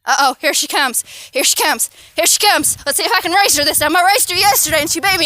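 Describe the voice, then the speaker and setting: A woman's voice: extremely high pitch, fast, few pauses, pushed and bright, dry recording, clean studio sound. A young woman, vlogging in a rambling, chatty way into her phone while walking outdoors with her dog. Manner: rambling, chatty, easily distracted. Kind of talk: casual chat. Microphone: handheld phone.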